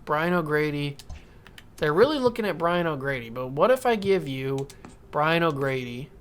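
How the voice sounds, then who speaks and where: A man's voice: on the high side, lively intonation, moderate pace, clear, resonant tone. A man casually commenting while playing a baseball video game, talking to himself and coaxing the game. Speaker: gaming YouTuber. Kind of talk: casual let's-play commentary.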